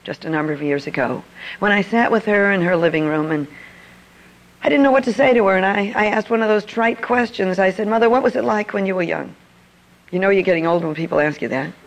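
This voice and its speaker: A woman's voice: mid-range voice, animated, fast talker, rough recording. An older woman telling a personal story to an audience in a confiding manner. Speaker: speaker. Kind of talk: storytelling talk.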